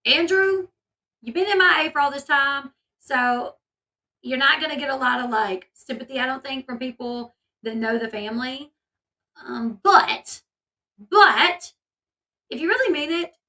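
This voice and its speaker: Woman, commentary host, chatty, opinionated, bright tone, set back from mic. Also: sits high, normal speed, pauses often, far from the mic, rough recording. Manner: chatty, opinionated, many fillers. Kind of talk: casual commentary.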